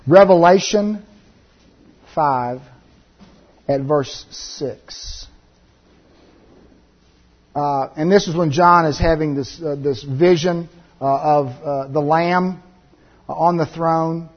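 A husky-voiced man leads a Bible teaching sermon, his voice sitting a little high for a man. He reads the verses out slowly and then explains them, with frequent pauses and filler sounds. The recording is dull and lo-fi. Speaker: preacher.

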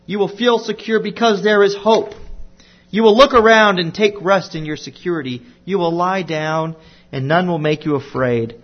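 A man teaching a Bible lesson to children, telling it slowly and deliberately with playful asides. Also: high voice, highs cut off.

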